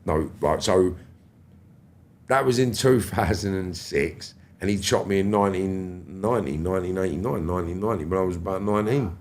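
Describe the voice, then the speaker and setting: A London man in his fifties, a podcast guest telling stories in animated, slangy street talk and swearing freely. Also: deep voice, normal speed. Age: 50s. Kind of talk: storytelling interview.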